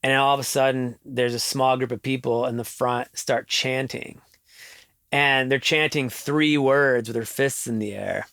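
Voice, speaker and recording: A middle-aged man, a musician guest in an interview, telling stories in an animated way and laughing now and then. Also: medium pitch, a little slow, creaky, no room sound, clean studio sound. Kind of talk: casual interview storytelling.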